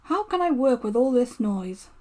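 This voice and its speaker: A woman's voice: a little high, sing-song, normal speed, a little mellow. A woman voicing a stern, portly male railway boss who is kind underneath, speaking in a severe, formal way.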